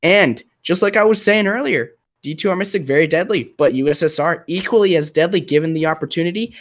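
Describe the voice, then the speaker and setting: Excitable male esports caster, higher voice. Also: fairly quick. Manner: excitable caster with frequent fillers. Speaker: esports commentator. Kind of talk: live play-by-play commentary.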